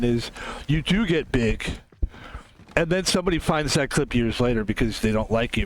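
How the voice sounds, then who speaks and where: A man's voice: medium pitch, a little hiss or hum. A man from the United States rambling casually while streaming a game, often trailing off, restarting and laughing.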